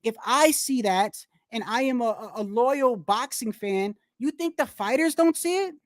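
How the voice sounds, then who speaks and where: A blunt woman rants on a live boxing stream. She swears freely and restarts her sentences. The voice sits fairly high, with a dry, close sound. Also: animated, a little slow, dry recording. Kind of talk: live stream commentary, casual rant.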